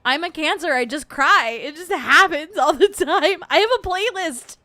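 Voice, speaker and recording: A woman's voice: sits high, moderate pace, pushed and bright, no echo. A woman hosting a casual livestream chat, rambling with lots of fillers and laughing often as she gets emotional. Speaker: podcast host.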